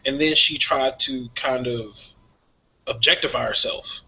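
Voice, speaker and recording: A man co-hosting a casual music talk show, sharing strong opinions in a lively way and laughing often. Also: medium pitch, a little slow, gravelly. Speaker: podcast co-host. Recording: dull lo-fi sound.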